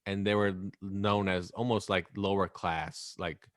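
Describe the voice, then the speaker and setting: A man's voice: sits low, flat delivery, measured pace, no room sound, studio quality. A man in his thirties co-hosting a podcast in casual chat, rambling and swearing freely. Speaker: podcast co-host.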